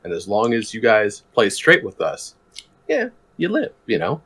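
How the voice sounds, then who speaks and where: A man's voice: lowish voice, huge pitch swings, a little slow, a bit bright, breathy edge, full character voice. A man voicing his tough male adventurer as he lays down hard terms, blunt and businesslike. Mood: threatening.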